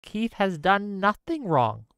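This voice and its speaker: A man's voice: high-pitched, big pitch swings, takes it slowly, a bit bright, clean tone, no echo. A male streamer talking straight to his live chat, emphatic and given to heated, swearing rants with asides to the audience. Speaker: streamer host.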